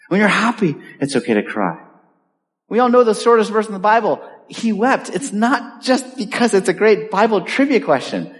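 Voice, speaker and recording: A man preaching a sermon as pastor, earnest and pleading, his voice dropping softly at the ends of phrases. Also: fairly high pitch, long reverb tail. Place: church sanctuary.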